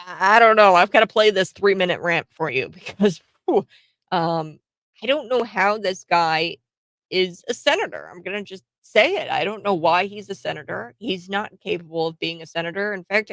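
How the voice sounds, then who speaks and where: A woman's voice: medium pitch, fairly bright tone, no room sound. A woman, hosting casual political commentary in a blunt, sarcastic way, laughing between points.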